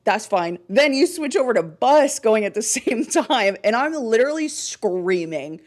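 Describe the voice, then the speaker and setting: A woman co-hosting a casual chat show, ranting fast and swearing a lot. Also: on the high side, animated, a little mellow. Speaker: co-host.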